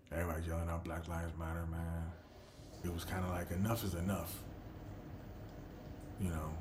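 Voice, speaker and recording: A middle-aged man hosting his own podcast, telling stories in a loose, profane, animated way. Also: sits low, background noise. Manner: animated storyteller who acts out quotes. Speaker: podcast host. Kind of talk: casual podcast monologue.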